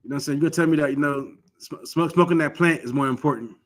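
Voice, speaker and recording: Guy from michigan preaching law class, kinda high voice, earnest, keeps restarting his words. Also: rapid-fire. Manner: earnest, exhortative, frequent restarts. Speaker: religious law teacher. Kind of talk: informal scripture teaching.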